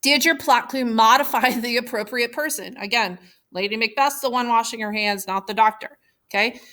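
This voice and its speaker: A woman teacher giving a recorded lesson, explaining clearly and patiently. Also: on the high side, normal speed, pushed and bright.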